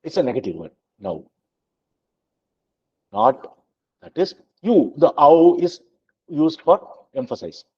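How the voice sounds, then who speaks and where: A man teaching a scripture lesson, explaining slowly with many fillers and chanting verses. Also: fairly high pitch, sing-song, husky, lo-fi sound. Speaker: spiritual teacher.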